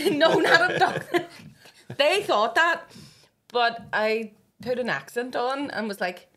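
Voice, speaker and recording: A woman's voice: fairly high pitch, slow, a crowd in the background. A Northern Irish woman in her thirties hosting a podcast, chatting casually and telling stories with lots of laughter. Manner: lively storyteller, laughs often. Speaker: podcast host. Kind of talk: casual chat.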